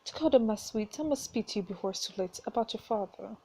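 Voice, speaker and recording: A woman voicing a gentle dying mother who speaks softly and weakly, read aloud from a story game. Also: mid-range voice, expressive, quick pace, breathy edge. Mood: tender, weak. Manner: soft, faint, pleading.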